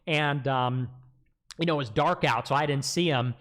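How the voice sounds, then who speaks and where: A man casually telling a story on a livestream, animated, acting out quotes in a raised voice. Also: medium pitch, normal speed. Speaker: livestream guest.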